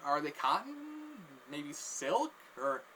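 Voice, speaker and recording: A man's voice: fairly high pitch, very animated, takes it slowly, pushed and bright, a little hiss or hum, voice pushed up, full character voice. A man doing a nervous, hesitant young guy.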